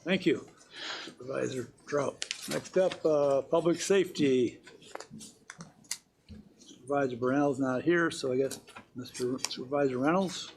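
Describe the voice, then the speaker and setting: A man chairing a county board meeting, briskly calling motions and votes. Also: mid-range voice, a little mellow, a little hiss or hum. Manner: brisk procedural calls for votes.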